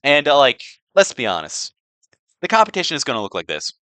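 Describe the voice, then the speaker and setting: A young man with a bright, crisp voice rambles through a joke slideshow, loading his talk with fillers and sarcastic asides. His pitch jumps around a lot. He is recorded close up on a dry mic. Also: huge pitch swings, brisk, dry recording. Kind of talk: rambling comedic presentation.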